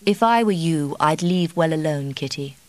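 A woman reading the part of a reserved, cold male doctor husband, speaking in curt, quiet lines. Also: sits low, expressive, moderate pace, no echo.

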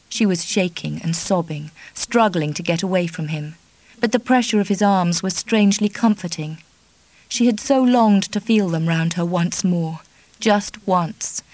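A woman narrates a novel in a somewhat low, measured voice. She reads steadily with an even storytelling manner. The recording is dry and close-miked. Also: dry recording, rough recording. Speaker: audiobook narrator. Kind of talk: scripted narration.

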